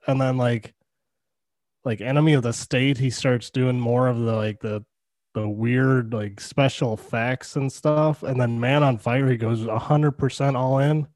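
A man's voice: mid-range voice, darkish tone, no echo, clean studio sound. Rambling man on a movie podcast. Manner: rambling, lots of "like", laughs. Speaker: podcast co-host. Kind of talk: casual movie chat.

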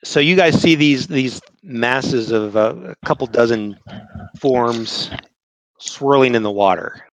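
A man narrating a tabletop game as game master, talking haltingly with many restarts while he describes the scene. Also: mid-range voice, no echo, poor audio.

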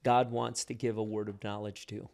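A man's voice: lowish voice, level tone, normal speed, creaky, darkish tone. Earnest man teaching in a faith talk. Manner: earnest, explaining, with frequent restarts.

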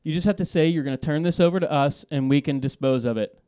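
A man calling in to a talk show, telling a story in a lively, laughing way, swearing and restarting his sentences. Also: fairly high pitch, fast, clear, resonant tone. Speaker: caller. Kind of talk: casual storytelling.

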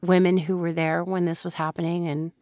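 Soft-spoken woman interviewer. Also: fairly low pitch, flat delivery, fairly quick, no room sound, clean studio sound.

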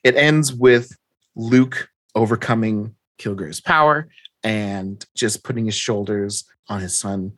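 Husky man animatedly recapping a comic. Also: fairly low pitch, slow, dry recording. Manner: animated retelling, acting out characters' lines, laughs often. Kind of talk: casual chat.

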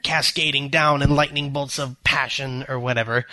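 A man's voice: mid-range voice, moderate pace, no room sound. A man co-hosting a casual film discussion who talks earnestly and with energy. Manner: earnest, animated. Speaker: podcast co-host.

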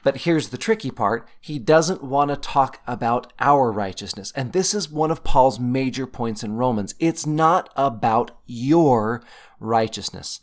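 A man's voice: medium pitch, moderate pace, few pauses. Emphatic man teaching scripture. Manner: emphatic, teacherly, stresses key words. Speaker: podcast host teaching scripture. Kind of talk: conversational scripture discussion.

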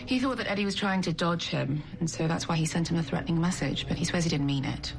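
An actress playing a woman police officer who calmly translates a suspect's dialect into plain English. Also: on the low side, quick pace, creaky, over music. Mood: explaining. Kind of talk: TV comedy acting.

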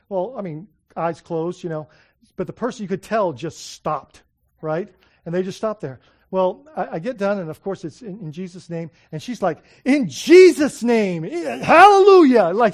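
A man preaching a sermon, telling stories with excitement, often restarting his sentences. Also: high-pitched. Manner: excited storytelling, many restarts and fillers. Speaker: pastor.

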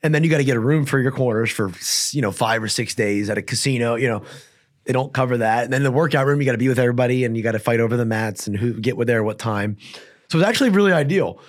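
A man chatting casually as an interview guest, telling rambling stories full of fillers. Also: mid-range voice. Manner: fast, rambling storytelling with many fillers. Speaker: guest fighter. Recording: audio-only podcast.

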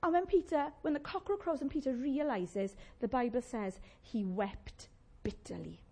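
Woman preacher, conversational, breathy higher voice. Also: moderate pace. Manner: animated, conversational, playful asides to the congregation. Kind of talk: sermon.

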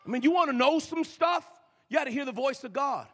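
A male pastor preaching a sermon in a church, swinging from loud shouts down to hushed whispers. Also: extremely high pitch, lively intonation, brisk, a faint crowd. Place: church sanctuary. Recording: long reverb of a large hall.

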